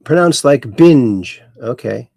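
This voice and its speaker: Gravelly, chatty man hosting a livestream. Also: medium pitch, lively intonation, slow, dark tone, no room sound, studio quality. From Ireland. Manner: chatty, folksy, reads comments aloud with wordplay. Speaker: show host reading live chat. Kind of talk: casual livestream chat.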